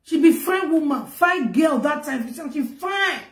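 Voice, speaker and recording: A woman speaking Nigerian Pidgin English tells an emotional gossip story as a vlogger, her voice rising and growing loud when she gets upset. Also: high-pitched, lively intonation, unhurried, reverberant, slight background noise. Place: home in Germany.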